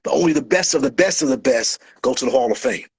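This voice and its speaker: A man, a guest in a casual conversation, telling lively stories and acting out the people he quotes. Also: a little high, fast, gravelly, slightly rough, low-quality recording. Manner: animated storyteller, acts out quoted voices. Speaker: guest, early hip hop dancer.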